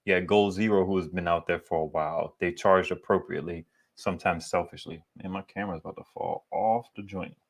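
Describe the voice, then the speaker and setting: A man with a deep, bassy voice chatting casually to his viewers about solar gear, rambling and slangy. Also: fairly even intonation, brisk, hardly any pauses. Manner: rambling, digressive, slangy and candid. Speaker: solar equipment YouTuber. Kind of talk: casual vlog chat.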